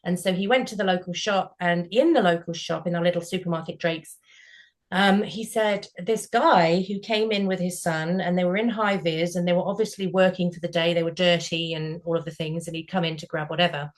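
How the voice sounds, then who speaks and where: A middle-aged woman with a British accent, hosting a group discussion and telling stories in a casual, animated way, acting out the voices of people in them. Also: fairly low pitch, brisk. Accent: British English. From Britain. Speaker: group session host.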